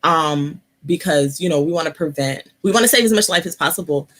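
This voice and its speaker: A woman hosting a casual live-stream chat, talking softly because of an ear infection, laughing and chatty, sitting close to her computer mic. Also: deep voice, brisk. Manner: chatty, laughing asides, many fillers. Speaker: host.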